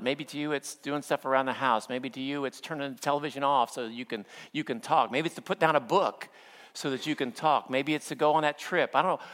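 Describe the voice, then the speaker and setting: A middle-aged male pastor preaching a sermon, telling stories with playful humor and acting out quotes, then slowing down for earnest points. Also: medium pitch, bright, forceful tone. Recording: long hall reverb.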